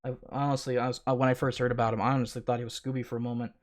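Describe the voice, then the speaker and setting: A man's voice: mid-range voice, level tone, very fast. A man hosting a live stream, reacting to clips with mocking, sarcastic commentary full of swearing. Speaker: streamer host.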